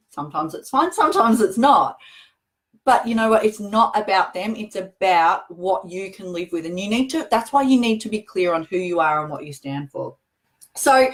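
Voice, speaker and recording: A middle-aged woman hosting a show, talking earnestly and conversationally to camera, with emphatic repetition. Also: mid-range voice. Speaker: host answering viewer questions. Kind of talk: casual direct-to-camera talk.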